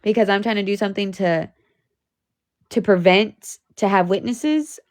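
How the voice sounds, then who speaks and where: Close to crying, a young livestreamer unloads her frustrations in a mid-range, slightly mellow voice at normal speed. Her speech is profane and repetitive, and she keeps breaking off to start sentences over.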